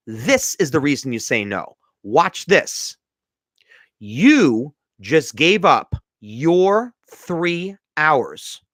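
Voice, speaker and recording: A man's voice: on the high side, a bit bright, no room sound. A man hosting a motivational podcast stream, talking to viewers in an emphatic, lecturing way and repeating his points. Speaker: podcast host. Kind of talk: motivational livestream talk.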